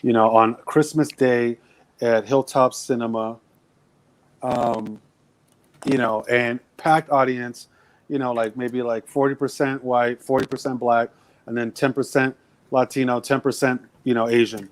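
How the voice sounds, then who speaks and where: A man's voice: mid-range voice, little pitch movement, a little slow. A man co-hosting a podcast in casual chat, talking animatedly with lots of swearing and acting out movie lines. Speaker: podcast co-host.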